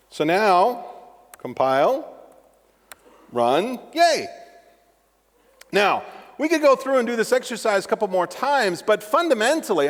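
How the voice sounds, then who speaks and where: An animated man with a voice that sits high gives a live-coding tech talk as a conference speaker in a large hall. He jokes and makes asides to the audience, and the hall adds a long reverb.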